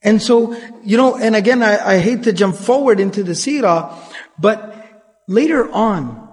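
A man's voice: high-pitched, measured pace, big-room sound. A man giving an earnest storytelling lecture on the Prophet's life, mixing in Arabic phrases and the odd filler. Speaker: Islamic lecturer.

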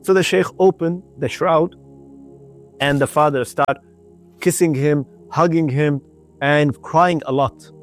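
A man's voice: fairly high pitch, fairly even intonation, takes it slowly, soft background music. A man telling a religious story on the radio, often repeating his phrases and using Arabic religious terms. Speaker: storyteller on a community radio station.

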